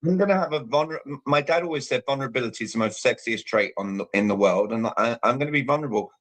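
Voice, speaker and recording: A man's voice: mid-range voice, fast, fairly bright tone. A British man giving an emphatic coaching talk on a live show over a video call, punctuating points with "all right". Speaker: communication coach, guest.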